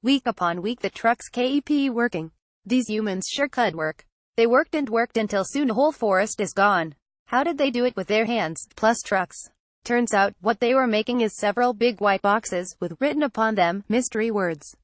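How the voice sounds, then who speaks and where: A woman's voice: on the high side, normal speed, dry recording. A woman narrating an audiobook in an earnest, naive first-person storytelling manner.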